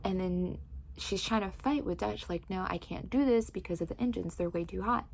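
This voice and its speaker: A woman recapping a book's plot in casual chat, telling it with lively energy and many fillers like "like". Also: mid-range voice, moderate pace, gravelly, a little hiss or hum. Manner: animated storytelling with frequent "like". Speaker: book reviewer.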